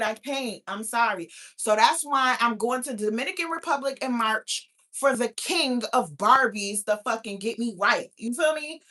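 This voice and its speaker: Woman, 30s, brash, profane, bright voice, slightly high. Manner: brash, profane, loud and laughing. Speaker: podcast host. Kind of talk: casual chat.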